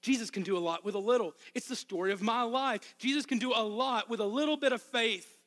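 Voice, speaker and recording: A man with a Southern Arkansas accent delivers an impassioned sermon, driving his points home through repetition. His voice sits high with a bright, forceful edge. A long hall reverb trails behind him. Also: a little fast. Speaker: pastor.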